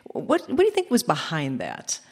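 A woman's voice: low voice, huge pitch swings, moderate pace, a little mellow. A woman interviewer asking probing, direct questions.

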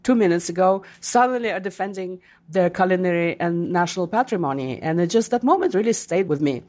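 A woman's voice: lowish voice, fairly quick. A woman, an author being interviewed, telling stories and acting out the voices of people she quotes. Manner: animated, acts out quoted voices. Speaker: guest author. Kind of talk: casual interview conversation.

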